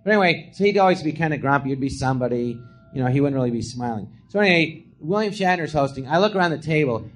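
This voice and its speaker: A man, a comedian guest, telling stories in a live podcast and acting out the quotes in high, shouted voices. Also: expressive, fast, soft background music. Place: podcast theatre before a live audience.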